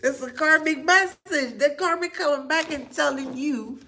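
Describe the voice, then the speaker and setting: A woman giving a casual spiritual reading, laughing often and reacting with drawn-out disbelief. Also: sits high, pushed and bright, slight background noise.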